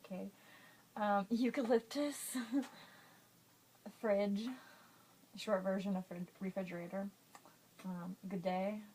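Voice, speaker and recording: Female vlogger, unhurried and giggly, home webcam sound with slight background noise. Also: mid-range voice, level tone, dark tone, poor audio. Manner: giggly, self-conscious, drawn-out reading. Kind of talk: casual word-list reading vlog.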